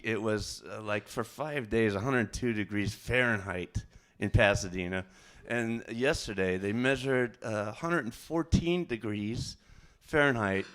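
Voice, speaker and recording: A male comedian working through a stand-up set in a loose, rambling way. He stops and restarts often, with fillers and self-corrections between the punchlines. His pitch sits in an ordinary middle range for a man. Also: a bit bright, smooth.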